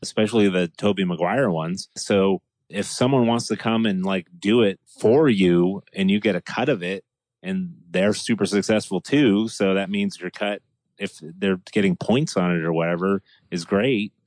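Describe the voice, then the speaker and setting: A podcast co-host with a deep voice chats casually at normal speed, talking animatedly and acting out what people said. There's no room sound.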